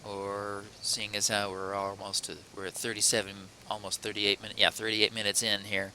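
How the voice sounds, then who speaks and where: A man's voice: lowish voice, completely flat delivery, moderate pace, sharp tone, slight background noise, poor audio. A man hosting a let's play, chatting casually through the gameplay in a rambling, self-correcting, playful way.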